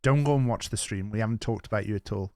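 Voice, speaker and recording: A man streaming live, chatting casually to his viewers, rambling and swearing with sudden excited outbursts. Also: fairly low pitch, fast talker, soft background music.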